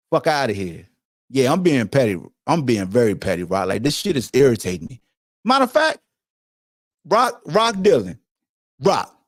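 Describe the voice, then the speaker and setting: A middle-aged man tells stories on his podcast in a loud, profane, emphatic way. His voice sits a little high for a man and swings widely up and down as he gets worked up. The sound is close and dry, with no room echo. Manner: animated, profane, emphatic storytelling. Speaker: podcast host, former football player. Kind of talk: casual monologue to a co-host.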